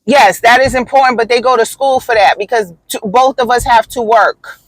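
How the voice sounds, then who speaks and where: A woman's voice: on the high side, moderate pace, no room sound, low-quality recording. A woman hosting a podcast, talking in a casual, blunt and profane way, with emphatic storytelling. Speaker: podcast host.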